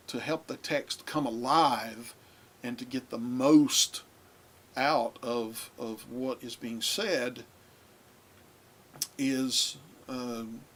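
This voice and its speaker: A man teaching a lesson, talking in a halting way with many fillers and restarts. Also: medium pitch, fairly bright tone, slight background noise. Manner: addresses younger listeners. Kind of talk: lecture on biblical languages.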